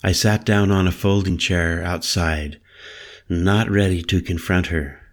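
A man narrating a first-person story in a measured, introspective way. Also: low voice, steady tone.

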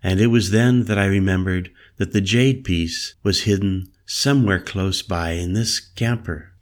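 A man reading a story aloud, voicing a mysterious, teasing woman shaman in a soft, playful voice. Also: sits low, a little slow. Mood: musing. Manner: soft, playful, a little mystical.

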